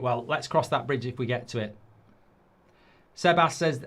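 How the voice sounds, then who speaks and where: Exasperated by the match, a man running a live football watchalong swears, rants at the game, and reads viewer comments out loud. His medium-pitched, slightly bright voice moves at a moderate pace, broken by long pauses.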